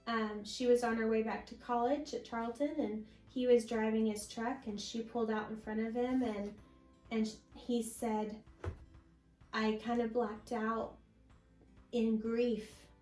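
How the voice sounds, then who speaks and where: A woman guest sharing a personal faith testimony in an interview, telling her story slowly and from the heart. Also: a little high, level tone, darkish tone, roomy sound, faint music behind, poor audio. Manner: slow, heartfelt storytelling with many pauses.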